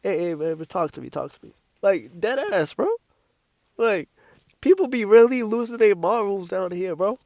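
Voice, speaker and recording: A man, preaching in a casual rant to camera, animated and incredulous, repeating himself as he presses his point. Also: high-pitched, normal speed, dry recording. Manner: animated, repeats "bro" often, laughs, incredulous. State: coughing from sickness. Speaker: Christian vlogger.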